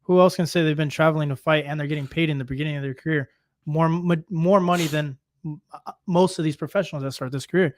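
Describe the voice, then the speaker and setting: Young male guest, slightly high voice, emphatic and self-assured. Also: fairly even intonation, fast talker, slight background noise. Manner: confident, emphatic. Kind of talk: casual interview.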